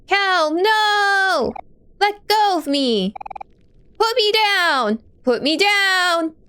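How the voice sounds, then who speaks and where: Brief: a high, yelling young boy, brash and defiant, put on by a woman reading a game. Slow, unhurried delivery between shouts. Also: lively intonation, slight background noise, exaggerated voice. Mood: frantic.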